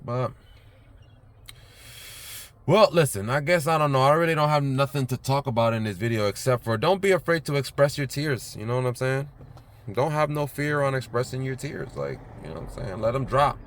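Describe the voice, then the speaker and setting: A man talking to his phone camera in an outdoor park by the water, in a relaxed, rambling vlog full of fillers. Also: medium pitch, moderate pace. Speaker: vlogger.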